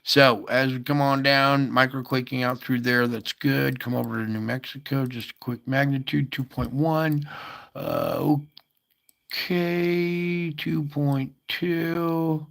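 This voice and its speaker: A man's voice: medium pitch, fairly even intonation, slow, gravelly, a bit bright. A man hosting a casual earthquake update, thinking aloud over maps with many fillers and asides. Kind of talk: casual screen-share commentary.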